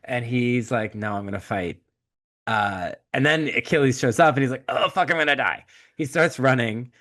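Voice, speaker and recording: A man at mid pitch, chatting casually on a podcast. He retells the plot with a comic, profane edge and slips into quick voices for each character. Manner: animated storytelling, acts out characters with quick voice shifts. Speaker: podcast co-host. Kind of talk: casual chat.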